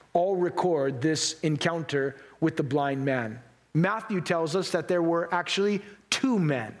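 A man preaching a sermon in an earnest, emphatic way, acting out Bible scenes as he goes. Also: high-pitched. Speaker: pastor.

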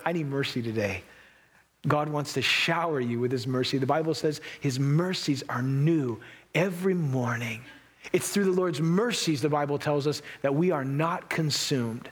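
Earnest man preaching with emphasis. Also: fairly high pitch. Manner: earnest, emphatic preaching with dramatic re-enactments of Bible scenes. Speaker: pastor. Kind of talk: sermon.

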